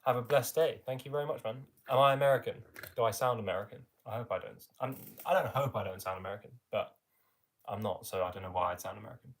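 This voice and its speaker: On his live stream, a young English-accented man talks fast in a mid-range, fairly bright voice, reading out viewer comments and answering them in a chatty way with plenty of friendly "mate." A little hiss or hum can be heard.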